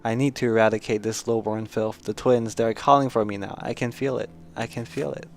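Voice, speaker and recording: A man voicing a mad, guilt-ridden old nobleman, in a hushed, desperate and scornful manner, for a story game. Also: mid-range voice, fairly even intonation, a little fast, close to an everyday voice. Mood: hushed menace.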